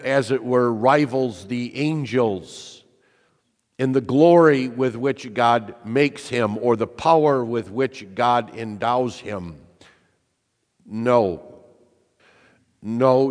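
Man, sermon, earnest and emphatic, unhurried delivery, long hall reverb. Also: mid-range voice. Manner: earnest, emphatic, rhetorical questions to listeners. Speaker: preacher.

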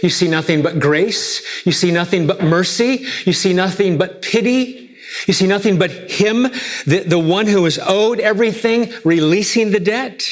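A man preaching a sermon, emphatic and rhetorical, with repeated questions and wide swings from loud to hushed. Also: high-pitched, normal speed. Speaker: pastor.

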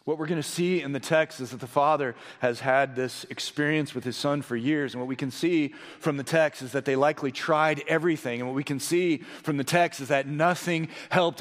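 Male pastor, sermon delivery, higher voice, hushed-to-excited swings, long hall echo. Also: normal speed, hardly any pauses. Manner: swings between hushed, low storytelling and raised, excited emphasis.

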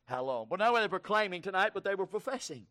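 A preacher delivers a sermon in a strikingly high voice for a man. He moves from low, hurried passages to shouted, fervent proclamation.

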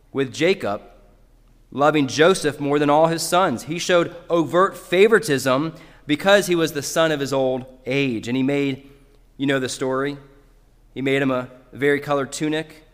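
A man's voice: fairly high pitch, normal speed, big-room sound. A man preaching a sermon in a church, earnestly addressing parents directly. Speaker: pastor.

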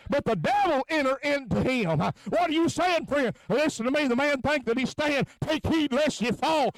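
A man preaching a revival sermon in a tent, moving between low, quiet talk and chanted, shouted peaks. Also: no echo, rough recording.

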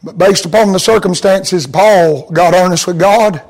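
A pastor preaching a sermon to his congregation, swinging from soft, intimate tones to high, chanted, fervent appeals. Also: moderate pace, rough recording.

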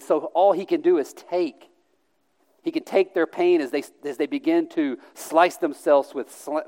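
A man preaching a sermon as pastor, emphatic, with sarcastic put-on voices and frequent restarts. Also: on the high side. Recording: long hall reverb.

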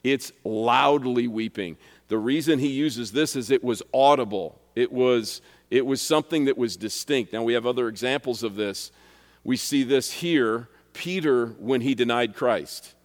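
A man's voice: mid-range voice, measured pace. A man preaching a sermon, earnest and emphatic, who reads scripture aloud and asks the listeners questions. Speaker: pastor. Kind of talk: expository sermon. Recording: reverberant hall.

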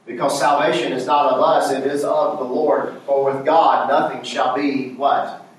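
A man's voice: mid-range voice, flat delivery, a little slow. A man preaching a sermon in church, posing questions for the congregation to answer back. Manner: call-and-response questions to the congregation. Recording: very echoey church hall, voice from far off.

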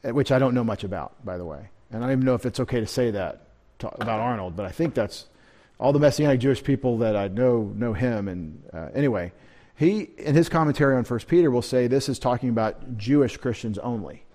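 A man's voice: mid-range voice, animated, brisk, warm tone. A man pastor giving a midweek Bible teaching sermon, conversational and rambling, with asides and restarts.

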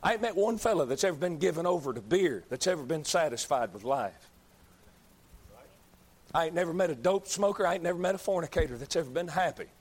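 A man preaching a fiery sermon, hammering his points with repetition and rising to shouts. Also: fairly high pitch, animated, a little fast, husky. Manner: emphatic, repeats lines, builds to shouts.

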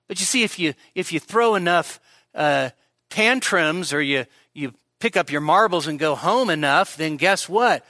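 A male pastor delivers a sermon with a bright, forceful tone set a bit high for a man. He is frank and self-mocking and drops joking asides. The sound is close and dry, with no room echo. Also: expressive, unhurried. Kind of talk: expository sermon. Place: church service.

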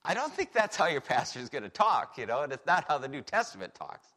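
A man preaching a sermon on a Bible passage, animated and full of rhetorical questions. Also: a little high, fairly quick.

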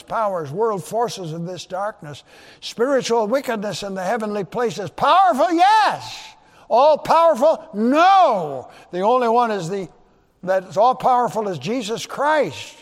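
High-voiced preacher in an echoing hall. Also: male voice. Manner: emphatic preaching, voice swings up loud for rhetorical questions. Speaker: pastor. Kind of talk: sermon. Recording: long reverb of a large hall.

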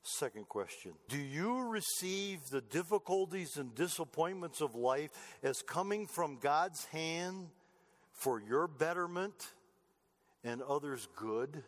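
Man preaching, higher-pitched voice, rises and drops in intensity. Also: expressive, slow pace. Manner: preaching, swings from rising emphasis to low quiet delivery. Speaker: pastor. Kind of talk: sermon.

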